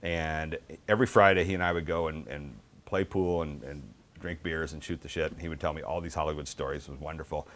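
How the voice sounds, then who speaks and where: Middle-aged man, author book talk, low pitch, animated casual storytelling, fillers. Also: brisk.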